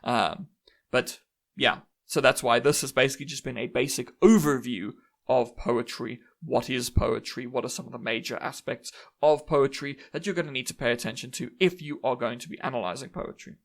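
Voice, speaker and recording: A man's voice: medium pitch, normal speed, creaky. Chatty male lecturer, often adds "right?". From South Africa. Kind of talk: casual online lecture.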